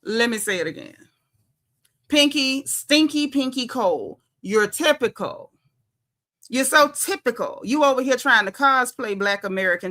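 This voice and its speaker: A woman's voice: mid-range voice, sharp tone. A woman doing casual reality TV commentary for her viewers, sassy and emphatic, repeating her punchlines for effect. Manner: talks straight to viewers as y'all.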